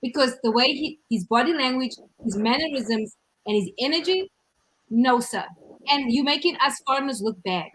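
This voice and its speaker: A South African woman hosts a casual podcast chat, her voice sitting a little high. She tells stories with animated emphasis, leaning hard on the punchlines. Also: normal speed, slight background noise, rough recording. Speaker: podcast host.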